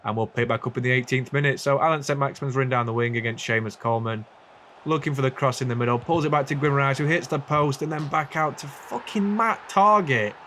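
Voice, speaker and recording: A young man casually commentating a football video game, chatty and sweary, with quick asides and self-corrections. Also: medium pitch, bright, forceful tone, slight background noise. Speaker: gaming YouTuber.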